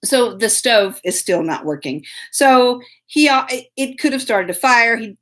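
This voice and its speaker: A woman talks straight to camera, spinning a story in a loose, self-mocking drawl. Her fairly high voice swoops up and down with lots of life. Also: expressive, unhurried, fairly bright tone. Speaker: host.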